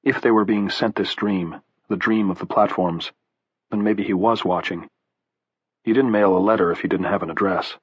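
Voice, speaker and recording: A man narrating a horror audiobook in a measured storytelling way. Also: low-pitched, fairly even intonation, breathy edge, dry recording, muffled recording. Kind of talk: scripted narration.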